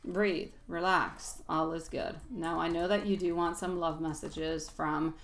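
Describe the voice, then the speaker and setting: A woman's voice: lowish voice, steady tone, measured pace. A woman giving a live-stream tarot reading, calling viewers sweetie in an affectionate, reassuring way. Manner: affectionate, calls listeners sweetie; soothing, reassuring advice. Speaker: tarot reader.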